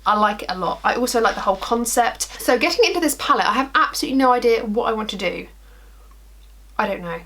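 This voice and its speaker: Young woman, makeup tutorial chat, rambling, self-deprecating, a bit high-pitched. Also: animated, quick pace, a bit bright. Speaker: makeup vlogger. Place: at home, in front of a mirror.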